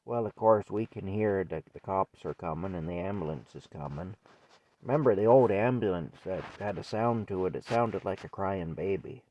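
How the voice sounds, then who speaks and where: A man's voice: deep voice, moderate pace, darkish tone, highs cut off. An older man telling a childhood story in a rambling, folksy way. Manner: rambling, folksy, repeats himself. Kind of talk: casual spoken memoir.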